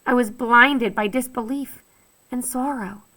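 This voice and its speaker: A woman's voice: fairly high pitch, measured pace, bright, forceful tone, low-quality recording. A woman reading aloud, voicing an earnest, anxious boy who speaks in formal, precise sentences.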